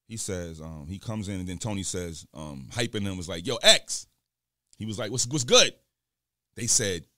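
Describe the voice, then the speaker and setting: A man, a podcast host telling stories in casual talk and acting out quoted dialogue in loud bursts. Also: mid-range voice, no echo, clean studio sound. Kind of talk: casual storytelling.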